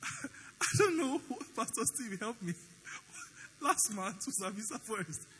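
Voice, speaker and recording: A man's voice: very high voice, takes it slowly, husky, long reverb tail, poor audio. A man with a Nigerian accent preaching a sermon as pastor, telling stories animatedly and acting out the dialogue. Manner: animated storytelling, acts out dialogue.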